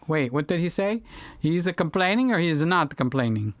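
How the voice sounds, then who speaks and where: This middle-aged man runs a livestream, joking and chatting loosely as he reads viewer comments into a studio microphone and strays off topic. He talks at a normal speed in a highish, sing-song voice, with no room sound.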